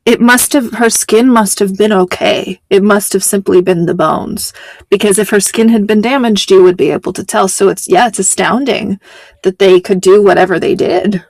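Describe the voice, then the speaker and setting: A woman's voice: medium pitch, steady tone, moderate pace, a little mellow, no room sound. A woman hosting a podcast, chatting casually in a rambling, self-deprecating way. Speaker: podcast host. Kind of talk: casual chat.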